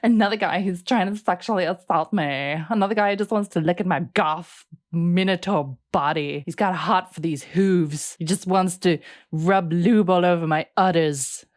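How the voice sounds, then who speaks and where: A woman putting on a whiny, self-pitying young woman, sarcastic and overblown. The voice drops a bit lower than her usual talk. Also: moderate pace, dry recording, clean studio sound, close to an everyday voice. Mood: sarcastic whining. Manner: mocking, whiny parody.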